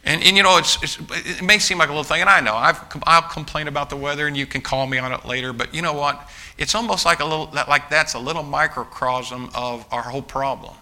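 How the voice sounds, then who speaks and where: A male pastor delivers a sermon to a congregation in a church, with a very bright, tense and cutting tone. He is emphatic and insistent, repeats himself as he restarts phrases, and keeps addressing the room directly. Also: a little high, fast. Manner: emphatic preaching, often restarting phrases and calling out to the congregation as folks.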